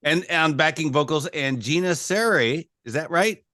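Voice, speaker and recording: A man's voice: fairly high pitch, expressive, moderate pace, sharp tone, no echo, studio quality. A man hosting a casual radio interview, chatty and stumbling a little over guests' names. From United States. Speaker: radio show host.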